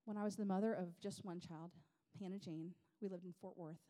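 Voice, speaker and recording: A woman, telling personal stories in an animated, self-deprecating way to a women's gathering. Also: lowish voice, fairly quick. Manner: animated, self-deprecating, chatty with many fillers. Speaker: women's ministry speaker. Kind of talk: personal storytelling talk.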